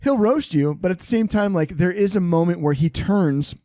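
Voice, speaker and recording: A man's voice: sits high, lively intonation, normal speed, dark tone, no room sound. A man who is a guest on a podcast, talking casually in a rambling way, with many restarts.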